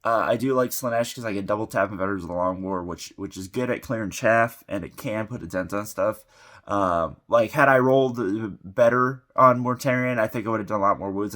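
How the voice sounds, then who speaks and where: A man's voice: fairly low pitch, brisk, fairly bright tone. A man hosting a tabletop gaming channel, giving a casual, rambling recap of his game with many fillers and restarts while getting over an illness. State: sick.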